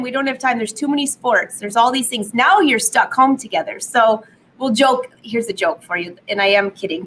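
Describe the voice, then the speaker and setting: A woman hosting a live sewing vlog from her home studio, slightly hoarse from a cold, chatty and upbeat, laughing at her own jokes. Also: fairly high pitch, fairly bright tone, a little hiss or hum, poor audio. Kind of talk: casual live stream chat.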